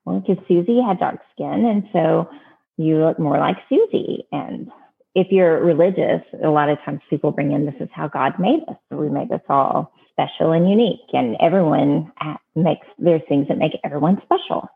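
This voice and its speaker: A woman's voice: low voice, normal speed, vocal fry, slightly rough. A woman giving earnest, plainspoken advice in casual talk, often restarting her sentences. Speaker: adoption advice guest. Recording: phone-like narrow band.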